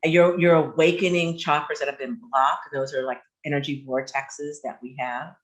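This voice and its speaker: A woman hosting a radio talk show, telling a personal story in an animated, candid way. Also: low voice, normal speed.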